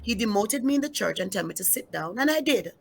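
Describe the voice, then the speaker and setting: A middle-aged woman pastor telling her life story in an interview, with a gravelly, husky voice. She is emphatic and repeats her key lines for weight. She often turns to address her listeners directly. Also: mid-range voice, expressive, fast talker. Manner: emphatic, repeats key phrases, speaks straight to the audience. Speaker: pastor giving her testimony. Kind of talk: emotional personal testimony in an interview.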